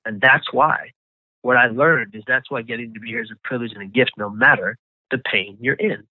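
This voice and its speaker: A man, a guest on an interview, telling his own survival story with halting, repeated words. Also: mid-range voice, no echo. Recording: tinny phone-like line.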